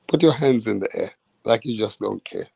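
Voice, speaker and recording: A man voicing a calm male boxing referee, talking in a hushed, soothing way. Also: on the low side, normal speed, creaky, husky, dry recording, pitched below the performer's own voice, exaggerated voice. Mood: conspiratorial.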